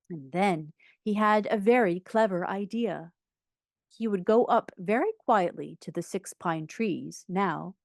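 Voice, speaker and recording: Woman narrator for a children's classic, unhurried and lively in pitch, expressive storytelling. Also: creaky, dry recording, studio quality. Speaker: audiobook reader.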